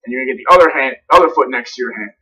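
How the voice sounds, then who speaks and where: Bright-voiced man coaching a warm-up. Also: medium pitch, lively intonation, far from the mic, poor audio. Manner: instructive, repeatedly checks in with a quick "okay?". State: breathing a little heavy. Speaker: fitness trainer. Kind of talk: demonstrating a workout warm-up.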